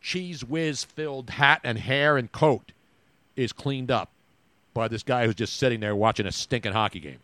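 A man co-hosting a sports podcast, talking in an animated, rambling, teasing way. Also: medium pitch, moderate pace. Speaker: podcast co-host. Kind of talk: casual sports chat.

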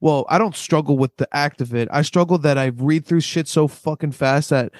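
Excitable higher-voiced man, podcast co-host. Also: no echo, clean studio sound. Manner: excitable, swearing, quick bursts. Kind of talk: casual podcast chat.

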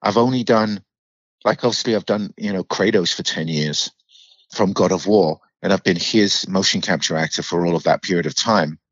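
A man with a low voice and a mid-Atlantic accent that blends British and American, talking as a podcast guest. He tells his stories in an animated, unfiltered way. The sound is dry and a little dull, like a remote call. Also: moderate pace, dry recording. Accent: mixed British and American, mid-Atlantic. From United Kingdom. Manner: animated storyteller, swears freely, acts out quoted voices. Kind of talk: casual interview chat.

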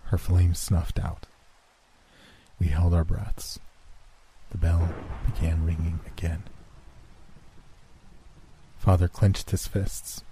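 A man reading a horror story aloud in a measured, hushed narration. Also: sits low, flat delivery, slight background noise.

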